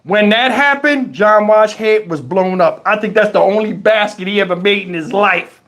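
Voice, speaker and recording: A high-pitched man speaking at normal speed runs his channel's live stream, where he spins a funny, profanity-laced tale in a casual way and animatedly imitates its characters.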